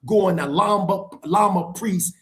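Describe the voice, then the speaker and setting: A man's voice: sits high, unhurried, a bit bright. A middle-aged man speaking as a guest on a live stream, heated and lecturing, hammering his points by repeating phrases.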